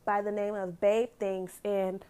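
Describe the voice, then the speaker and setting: A woman in her thirties talking casually on her own podcast, chatty and quick to give shout-outs and laugh. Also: medium pitch, flat delivery, clean tone. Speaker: lash business owner and podcast host. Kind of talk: casual solo podcast talk.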